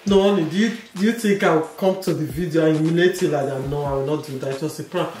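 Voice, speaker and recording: A woman's voice: deep voice, quick pace, darkish tone. A woman hosting a couple's prank vlog, teasing her husband and then pleading and laughing. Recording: echoey room, mic at a distance, faint music.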